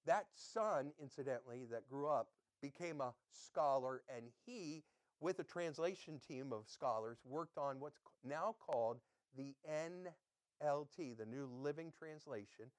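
Chatty higher-voiced man preaching a sermon. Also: expressive, unhurried, no echo, studio quality. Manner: conversational, quizzing listeners with quotes. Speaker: pastor.

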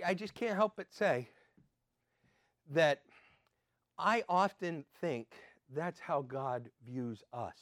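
An older man giving an earnest sermon as a pastor, swinging between emphatic and soft. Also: fairly high pitch, no room sound, studio quality.

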